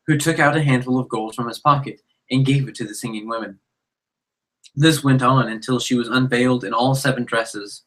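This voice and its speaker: A man's voice: mid-range voice, a bit bright, poor audio. Man reading a classic tale aloud. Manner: dry, joking asides. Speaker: storyteller.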